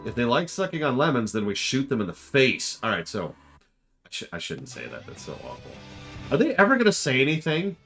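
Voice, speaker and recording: A man with a low, swinging voice streams live and offers casual, offhand commentary with a sarcastic edge. Faint music plays behind him. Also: huge pitch swings, brisk, fairly bright tone.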